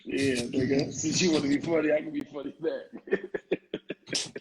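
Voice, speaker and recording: A man's voice: a little high, little pitch movement, measured pace, a crowd in the background, low-quality recording. A man co-hosting a podcast who teases and asks questions in casual chat. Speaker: podcast co-host.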